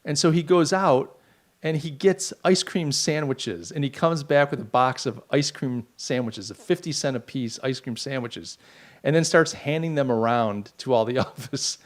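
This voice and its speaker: A middle-aged man hosting a podcast, talking in a rambling, animated monologue with mocking asides. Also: medium pitch, moderate pace. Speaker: podcast host. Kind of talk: casual opinion monologue.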